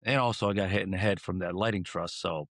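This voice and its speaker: A man from Croatia, a guest in a casual interview who tells rambling stories with lively swings in his voice. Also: quick pace, no echo, clean studio sound. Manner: animated, rambling, acts out quotes with swings in pitch. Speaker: guest singer.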